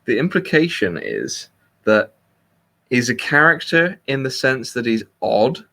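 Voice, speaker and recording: A man's voice: mid-range voice, sing-song, unhurried, vocal fry, pushed and bright. A British man in casual chat, explaining at length with frequent restarts. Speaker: co-host.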